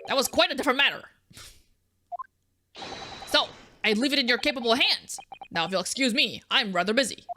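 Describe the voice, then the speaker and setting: A woman voicing a breezy, polite gentleman detective with a refined, airy delivery, over game music. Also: on the high side, fairly quick, long pauses, slight background noise.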